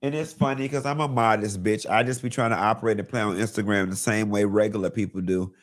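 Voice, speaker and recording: Sassy, profane gossip host, low voice. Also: male voice, fast. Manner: sassy, blunt, profane, animated storytelling. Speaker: host of a live gossip show. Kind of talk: casual celebrity gossip commentary.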